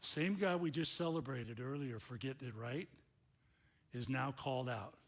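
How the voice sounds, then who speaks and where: A male pastor preaching a sermon in an animated, conversational storytelling manner. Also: medium pitch, normal speed.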